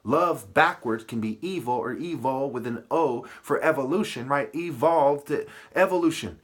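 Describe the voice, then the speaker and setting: A man's voice: medium pitch, normal speed. A man delivering a profane, aggressive, rambling monologue full of rhetorical questions. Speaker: vlogger.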